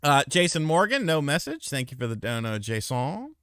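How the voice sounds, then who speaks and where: A man's voice: mid-range voice, normal speed, clean tone, dry recording, clean studio sound. A man hosting a casual livestream chat, reading donations and teasing his co-hosts. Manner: animated, teasing, swears freely. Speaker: host.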